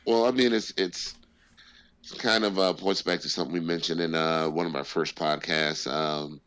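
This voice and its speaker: A man's voice: low voice, steady tone, moderate pace, fairly bright tone. A man co-hosting a casual podcast, speaking in a laid-back way with swearing and hesitant fillers. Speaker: podcast co-host.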